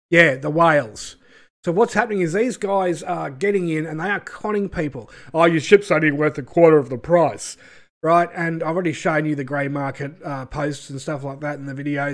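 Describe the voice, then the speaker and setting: A man's voice: fairly high pitch, a bit bright. A man hosting his channel, ranting in a sarcastic, scornful way with many fillers and asides. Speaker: channel host. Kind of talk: ranting commentary video.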